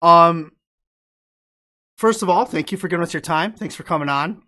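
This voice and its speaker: A man's voice: on the high side, normal speed, pushed and bright. A man from upstate New York hosting a live podcast interview, joking loosely and cursing now and then. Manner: joking, loose, swears casually. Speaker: podcast host. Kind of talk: casual live interview chat.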